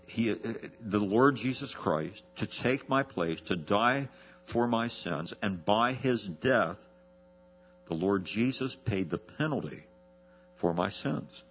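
A pastor preaching an expository sermon, asking rhetorical questions and slowing down to stress key words. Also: male voice, on the low side, dull audio.

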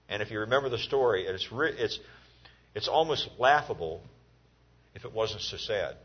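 Husky-voiced man teaching a Bible class. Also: medium pitch. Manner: folksy, storytelling, asks the class questions. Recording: dull lo-fi recording.

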